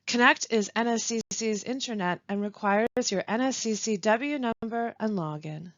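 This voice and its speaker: Woman, instructor, scripted pronunciation lesson, careful deliberate stress, dry close recording. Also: on the high side, no room sound, dull audio. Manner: slow, carefully stressed reading of example sentences. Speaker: language support instructor.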